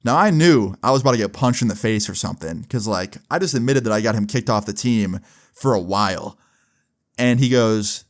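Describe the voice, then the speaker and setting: Animated, foul-mouthed man telling a story. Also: fairly quick. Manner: profane, animated storytelling with sudden pitch jumps. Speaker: storyteller vlogger. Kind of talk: casual storytelling vlog.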